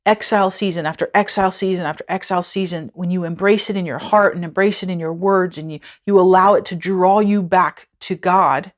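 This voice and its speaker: A woman teaching a devotional lesson in an earnest, conversational way, repeating phrases for emphasis. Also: on the low side.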